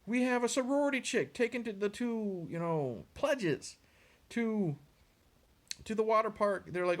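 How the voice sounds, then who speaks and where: A man with a slightly high voice, talking fast and loose in a casual movie rant. He is sarcastic and exasperated, swears freely and mocks what he watched. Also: animated. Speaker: movie reviewer.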